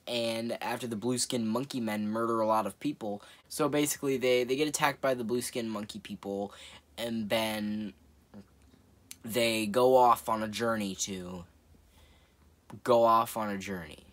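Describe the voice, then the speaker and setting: Man, casual movie reviewer, rambling, laughs a lot, swears, mid-pitched voice. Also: steady tone, moderate pace.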